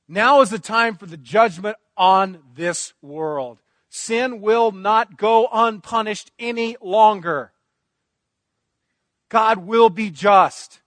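A man's voice: sits high, takes it slowly, a bit bright, dry recording. A man preaching a sermon with impassioned emphasis and repeated phrases.

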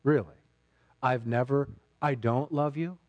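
A man preaching a sermon as a pastor, emphatic, dropping low and rising to loud, intense stretches. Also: measured pace, dull audio. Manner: emphatic, swings between quiet and loud.

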